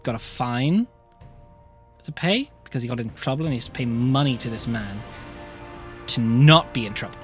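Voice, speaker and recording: Game master narrating a live tabletop game; expressive, mid-pitched, soft music under. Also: moderate pace, pauses often. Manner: laughs often, animated storytelling.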